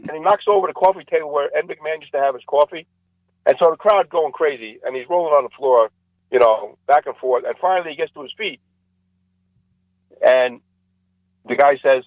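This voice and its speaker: A male comedian on a radio interview, telling long jokes and acting out the characters with lively changes of voice. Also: a little fast, no echo. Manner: animated joke-telling, acts out characters with rising pitch. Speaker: comedian guest. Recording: dull lo-fi radio sound, dry.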